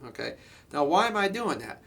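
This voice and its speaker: A man giving a drum lesson, explaining step by step in a relaxed way, with frequent fillers and "okay?" check-ins. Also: on the high side, a little fast, vocal fry. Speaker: drum teacher. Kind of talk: instructional lesson.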